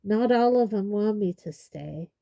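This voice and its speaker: A woman voicing a hoarse, croaky half-giant man, sad and gentle, in an audiobook reading. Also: mid-range voice, lively intonation, a little slow, no room sound, highs cut off. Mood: glum. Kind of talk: audiobook character voice.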